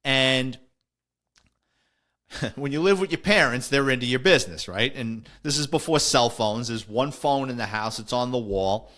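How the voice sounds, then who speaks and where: A middle-aged podcast host tells stories in a casual, wisecracking way, animatedly acting out the voices of the people in them. He speaks in a mid-range voice at a normal speed.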